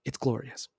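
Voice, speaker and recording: A young adult man hosting a casual self-improvement talk, rambling and animated, correcting himself and calling the listener "bro". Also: no echo. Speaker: self-improvement video host.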